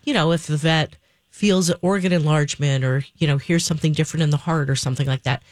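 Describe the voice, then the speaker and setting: A man speaking as a veterinarian on a call-in radio show, explaining in a measured way. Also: a little high, fairly even intonation, dry recording, studio quality. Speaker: veterinarian guest expert.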